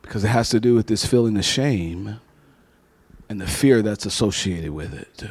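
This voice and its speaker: A man with a lowish, husky voice preaches at normal speed, animatedly telling stories and acting out their characters' voices. The recording carries no room sound.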